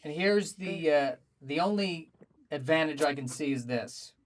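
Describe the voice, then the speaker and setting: A man doing a stand-up comedy set, telling animated stories with self-deprecating asides, performing remotely over a video call. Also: a little high, a little slow.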